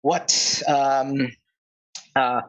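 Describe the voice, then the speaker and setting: Man doing a bear prince, cursed, weary, suspicious, slow and sighing. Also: medium pitch, little pitch movement, fairly bright tone.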